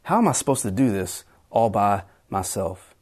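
A man's voice: fairly low pitch, animated, normal speed, darkish tone. A middle-aged man preaching a sermon in an earnest way, often repeating words as he restarts his phrases. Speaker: pastor.

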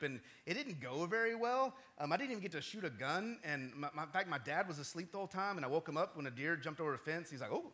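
A bright, high-pitched man delivers a sermon as a pastor. He tells a story with a lively, widely swinging voice. His tone is chatty, and he keeps checking in with his congregation. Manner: animated, conversational, keeps checking in with the audience.

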